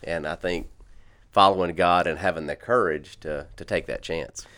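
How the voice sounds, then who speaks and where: A man who works on a church staff, talking in a calm, measured and reflective way in a casual conversation. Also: low voice.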